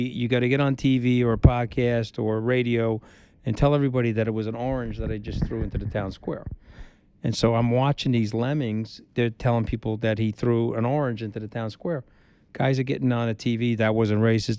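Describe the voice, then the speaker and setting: Blunt, emphatic middle-aged man, warm tone. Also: mid-range voice, clear, resonant tone, dry recording. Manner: blunt, emphatic, repeats points for force; animated storyteller who acts out quotes. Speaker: interview guest. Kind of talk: candid podcast conversation.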